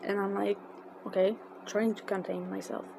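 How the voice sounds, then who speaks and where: A woman with a tells an emotional personal story in a halting, casual way, with many fillers and restarts. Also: medium pitch, level tone, creaky. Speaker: fan telling a personal story. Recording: noisy background.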